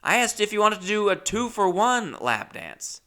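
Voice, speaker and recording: A man voicing a brusque young woman stripper who insists on being paid, in a flat, matter-of-fact tone, with his voice pitched higher than his usual speech. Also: normal speed, exaggerated voice. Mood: insistent.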